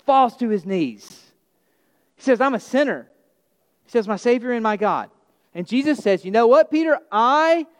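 A man preaching a sermon as pastor, retelling a Bible story in a lively storytelling way and acting out the characters' lines. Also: very high voice, big-room sound.

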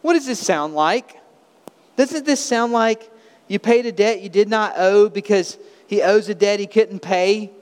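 A male pastor delivers an emphatic sermon full of rhetorical questions. His voice sits high and rings clear. It carries the long reverb of a church hall. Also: unhurried. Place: church sanctuary.

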